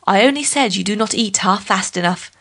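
A woman's voice: mid-range voice, fairly quick, fairly bright tone. Woman playing a sly spider trickster, wheedling, storybook voice. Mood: grumbling. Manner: wheedling, crafty.

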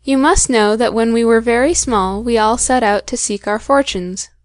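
A woman's voice: a little high, normal speed, dry recording, natural voice. A woman voicing a sly, touchy storybook kitten. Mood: storytelling. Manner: sly and indignant. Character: boastful, touchy white kitten telling tall tales.

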